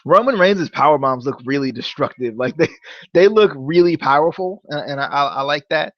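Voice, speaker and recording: A young man hosting a casual wrestling review podcast, rambling and stammering, often repeating words when he gets excited. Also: fairly high pitch, moderate pace, no echo, highs cut off. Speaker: podcast host.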